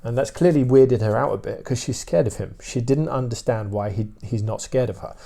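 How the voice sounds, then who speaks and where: A British dog trainer with a medium-pitched, creaky voice speaks briskly. In a casual talk full of fillers, he lays out his views in a steady, opinionated way.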